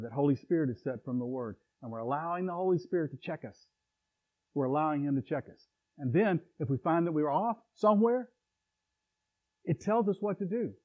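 A middle-aged man preaching a sermon in a conversational way, with chuckles and asides. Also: a little high. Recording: tinny phone-like recording.

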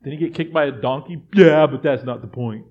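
A man preaching a sermon as pastor, moving between quiet reflective passages and loud acted-out voices of doubters. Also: fairly high pitch, fairly quick, highs cut off.

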